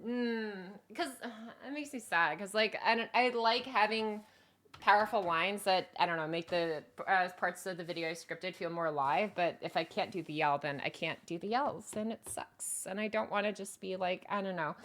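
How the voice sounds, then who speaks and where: A bright, clear-toned woman chatting on a live stream, giggly and self-conscious. She rambles with lots of fillers and restarts, her voice sounding a little strained. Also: mid-range voice, moderate pace. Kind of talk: casual live-stream chat.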